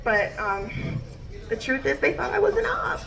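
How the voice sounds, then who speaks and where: A woman's voice: high voice, very animated, normal speed, a bit bright, faint music behind. A woman comedian telling a standup story, bubbly and laughing as she goes.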